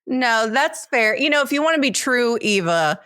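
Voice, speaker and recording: A lively woman co-hosting a podcast, chatty and quick to laugh. Her voice is higher than most and swings widely in pitch. The tone is bright and clear. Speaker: podcast co-host. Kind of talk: casual chat.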